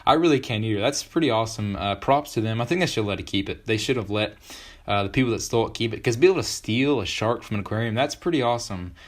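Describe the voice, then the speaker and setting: A teenage boy hosting a podcast, chatting in a joking, excitable way with lots of fillers. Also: on the low side, fast talker. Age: teens. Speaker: podcast host. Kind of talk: casual podcast chat.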